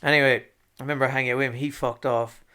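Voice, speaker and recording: A man's voice: medium pitch, quick pace, clear, resonant tone. A man around forty telling stories in a casual chat, swearing freely and acting out what people said. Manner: swears freely, animated, acts out quotes. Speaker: guest.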